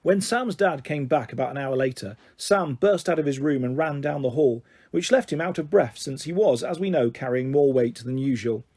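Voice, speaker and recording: A man narrating a children's novel aloud in an expressive read-aloud style. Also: mid-range voice, normal speed, few pauses, husky. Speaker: audiobook reader. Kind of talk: storybook narration.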